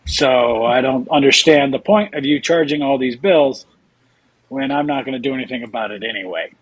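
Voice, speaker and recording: A man's voice: mid-range voice, moderate pace, husky, dry recording, low-quality recording. A man chatting casually with friends, blunt and crude. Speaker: chat guest. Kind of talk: casual chat.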